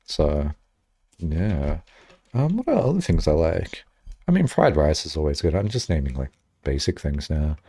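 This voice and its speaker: A young man streaming and chatting casually, rambling and self-mocking, with high squeaky bursts when he acts out his own lines. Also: sing-song, moderate pace, mellow, slightly rough.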